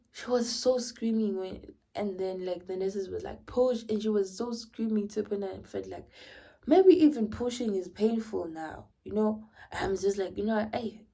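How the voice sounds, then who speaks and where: A young woman with a South African accent telling a personal story in an animated way, often dropping to a whisper. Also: medium pitch, gravelly, slightly rough. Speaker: vlogger.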